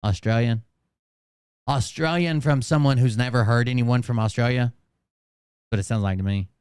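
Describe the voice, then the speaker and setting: A man's voice: mid-range voice, moderate pace, darkish tone, clear, resonant tone, no echo, studio quality. Blunt, sarcastic man reacting live. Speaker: channel host reacting to clips. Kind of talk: live-stream reaction commentary.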